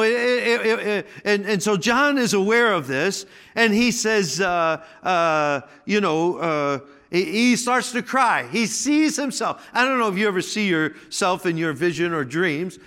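A man's voice: fairly high pitch, sharp tone. A middle-aged man preaching a conversational sermon, with restarts and personal asides. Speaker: pastor.

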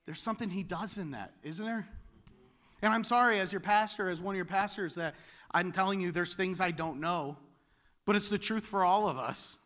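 Guy preaching a sermon, pretty high voice, gets loud and fired up. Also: normal speed. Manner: animated, building to loud exclamations. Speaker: pastor.

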